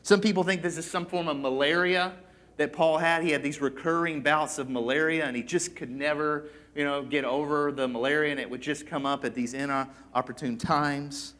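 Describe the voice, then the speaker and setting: A man's voice: a little high, fairly even intonation, moderate pace, a bit bright. A man preaching a sermon in a casual, conversational way that builds at times into impassioned pleading. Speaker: pastor.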